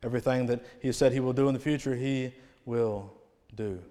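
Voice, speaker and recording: Guy preaching at a revival, gets loud then drops real quiet at the ends, long echo in the church. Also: mid-range voice, fairly even intonation, normal speed. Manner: swings from loud proclamation to hushed, dropping phrase endings. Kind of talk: sermon. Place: church sanctuary. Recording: long hall reverb.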